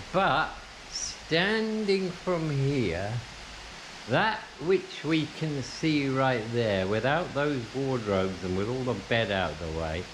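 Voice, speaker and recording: A man's voice: mid-range voice, background noise. A man casually narrating a tour of his house as a vlogger, rambling, with frequent restarts. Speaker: vlogger giving a home tour. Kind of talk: casual walk-through narration. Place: indoors in a house, then outdoors at a plantation.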